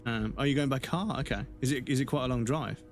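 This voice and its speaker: Brief: male streamer, mid-pitched, chatty and rambling, swears constantly. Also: fast, soft background music. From England. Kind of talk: casual chat with viewers.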